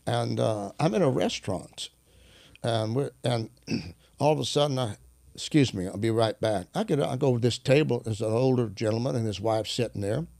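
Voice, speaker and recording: A man who is a minister, telling stories in an animated, preaching style, often clearing his throat. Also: medium pitch, normal speed, no echo. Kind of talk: storytelling preaching conversation.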